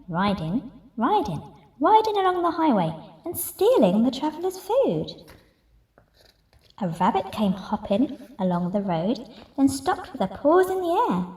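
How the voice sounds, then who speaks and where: A woman reading a picture book aloud in an expressive, rhythmic way. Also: a little high. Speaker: masked story reader. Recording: roomy echo, distant mic.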